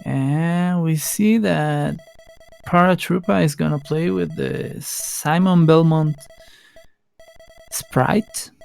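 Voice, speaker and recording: A man from Colombia commentating a live speedrun match late at night, in a relaxed, low voice with halting restarts. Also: creaky, clear, resonant tone, soft background music.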